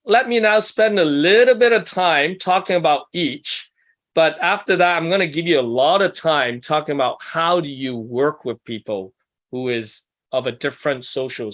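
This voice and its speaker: Man workshop leader, somewhat high voice, chatty and self-deprecating, talking to a small group in a meeting room. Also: fairly bright tone. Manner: conversational, asks the group questions, self-deprecating asides. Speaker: workshop leader for ministry couples. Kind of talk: casual teaching talk to a small group.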